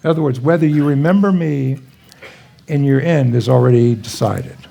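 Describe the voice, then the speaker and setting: An older man speaks to a gathered audience in a gentle, halting way, pausing often as he searches for words. His voice is low-toned and husky, with a gravelly edge and little brightness. He shares his memories in a reflective, unhurried style. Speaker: guest speaker at a spiritual gathering. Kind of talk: reflective talk with personal stories. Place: live talk to a gathered audience.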